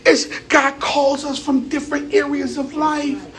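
A man preaching a lively, conversational Easter sermon, often repeating words as he builds his points. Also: extremely high pitch, a little slow.

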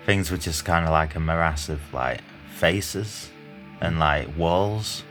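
A man's voice: low-pitched, slow pace, a bit bright, faint music behind. A man telling a rambling story in casual chat, full of fillers and hesitations.

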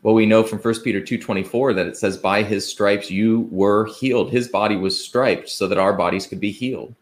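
A man delivers a sermon in a slightly low voice. He speaks earnestly, in a conversational way, asking his listeners rhetorical questions and quoting scripture. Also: fairly even intonation, normal speed. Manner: conversational, with fillers and restarts. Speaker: preacher.

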